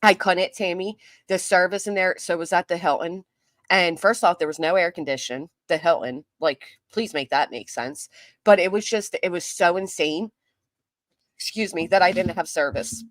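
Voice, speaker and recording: A woman's voice: on the low side, normal speed, dry recording, studio quality. Chatty woman greeting her livestream chat. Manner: chatty, greets viewers by name. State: losing her voice. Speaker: livestream host.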